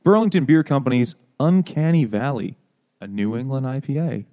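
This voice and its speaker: A man co-hosting a casual podcast chat over beers, joking crudely and getting animated. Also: mid-range voice, moderate pace. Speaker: podcast co-host.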